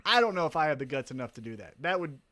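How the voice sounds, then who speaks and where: A man co-hosting a wrestling podcast in casual chat, animated, swearing freely and laughing often. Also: on the high side, very fast, crowd noise. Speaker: podcast co-host.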